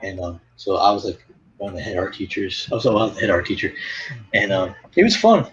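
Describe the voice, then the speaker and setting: A man's voice: on the low side, big pitch swings, brisk. A man in a casual chat who rambles through stories, laughs often and acts out the people in them. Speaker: former art teacher. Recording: dull lo-fi sound with faint background noise.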